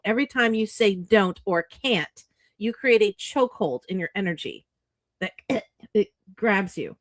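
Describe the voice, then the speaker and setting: A woman co-hosting a casual stream, giving an animated spiritual pep talk that is full of swearing. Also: mid-range voice, measured pace, no room sound, clean studio sound. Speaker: co-host, author. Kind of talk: casual motivational chat.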